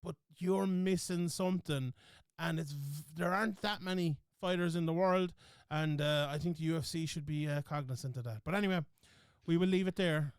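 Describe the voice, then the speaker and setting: A man's voice: fairly high pitch, moderate pace, clear, resonant tone, no echo, clean studio sound. A man hosting a podcast, talking bluntly and swearing casually as he wraps up with plugs. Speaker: podcast host.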